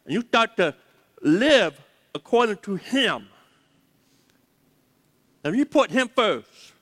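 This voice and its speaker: A man's voice: high-pitched, big pitch swings, takes it slowly, long pauses, a bit bright. A man preaching a sermon as pastor, emphatic, repeating key words and leading the congregation to say them aloud. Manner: leads the audience to say words aloud. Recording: long reverb of a large hall.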